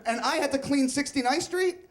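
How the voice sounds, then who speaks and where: A man's voice: very high voice, fairly quick. A young man telling a comic, self-mocking personal story on stage at a live storytelling event.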